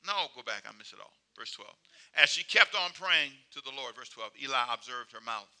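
A man preaching a sermon, with emphatic, repetitive call-and-response phrasing that swings between loud exhortation and quiet asides. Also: mid-range voice, expressive, fairly quick.

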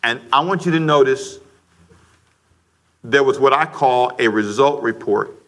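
A middle-aged man preaching a sermon to a congregation, lively and joking, rising to shouts. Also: mid-range voice, a little slow. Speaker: pastor. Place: church sanctuary before a congregation.

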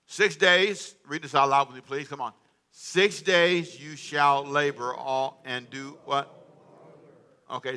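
A man's voice: on the high side, sharp tone. A middle-aged man preaching a sermon as pastor, calling on the congregation to read along and answer back. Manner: call-and-response preaching, asks congregation to read aloud.

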